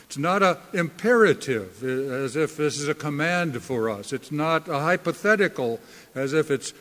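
A man preaching a sermon as a pastor, slow and deliberate, leaning hard on key words. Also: a little high, lively intonation, fairly bright tone, in a large hall.

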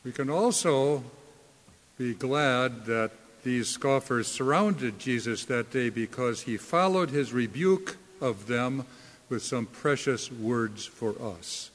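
Man preaching a sermon real slow, punches key words, big echoey hall. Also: medium pitch. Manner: slow, deliberate preaching with emphatic stresses. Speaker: pastor. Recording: long reverb of a hall.

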